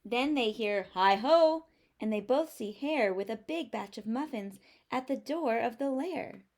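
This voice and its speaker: A teacher reading a picture book aloud to young children, expressive and explanatory. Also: female voice, fairly high pitch, measured pace.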